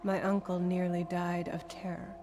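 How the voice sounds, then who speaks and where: An actress voicing a noblewoman in a video game, recounting a family story in a hushed, partly whispered voice. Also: on the low side, completely flat delivery, normal speed, close to an everyday voice. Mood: hushed, wistful. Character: noblewoman telling of her uncle, hushed. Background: game music.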